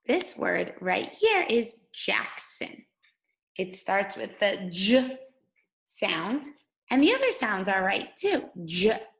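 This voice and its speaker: A woman teacher leading a guided reading lesson for young children, speaking slowly and patiently. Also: medium pitch, sing-song, vocal fry, poor audio. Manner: slow, patient, sing-song teacher voice.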